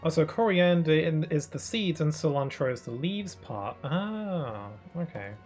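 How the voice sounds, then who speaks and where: A man's voice: fairly high pitch, lively intonation, unhurried, darkish tone, soft background music. Rambling British man chatting on stream. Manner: rambling, musing, with frequent fillers and chuckles. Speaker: gaming streamer. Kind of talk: casual chat while streaming a game.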